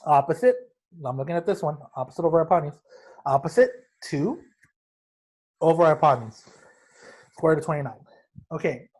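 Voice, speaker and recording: A young man with a fairly high voice walks through a math lesson. He keeps it casual and joking, talking straight to his students as guys. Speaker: math teacher.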